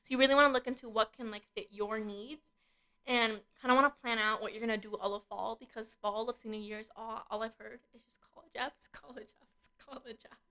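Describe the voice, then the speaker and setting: Fast-talking bright teenage girl. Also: a little high, steady tone, clear, resonant tone. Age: teens. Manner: chatty, uses filler "like" a lot. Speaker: co-host. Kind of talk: casual advice chat. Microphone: desk microphone.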